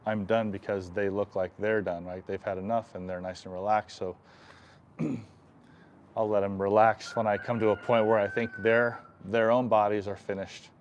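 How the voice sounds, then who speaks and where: A man working as an equine chiropractor, explaining stretches on a live stream while softly soothing the horse and often clearing his throat. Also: fairly low pitch, level tone, normal speed, highs cut off, slight background noise. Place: horse stall in a stable.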